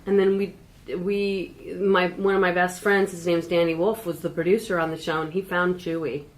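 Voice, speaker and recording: A woman's voice: on the low side, fairly even intonation, moderate pace, poor audio. Chatty woman teaching a comedy class. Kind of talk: casual class discussion.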